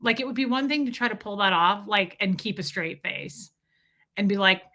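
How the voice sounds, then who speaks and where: An animated woman host chatting casually with her live audience, telling stories with laughter and reading comments aloud. Her voice is bright and forceful. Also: medium pitch, normal speed. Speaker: livestream host.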